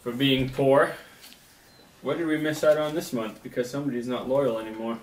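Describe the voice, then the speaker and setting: A man's voice: mid-range voice, fairly even intonation, moderate pace. A young man co-hosting a snack review, reading trivia aloud and joking around. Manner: playful, joking. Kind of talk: casual chat reading trivia. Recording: echoey room, mic at a distance.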